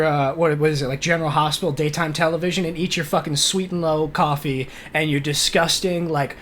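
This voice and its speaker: A man's voice: fairly high pitch, lightly acted. A man ranting as a furious petty husband. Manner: ranting, profane, escalating shouty tirade. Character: furious petty home-cook husband, hot-tempered.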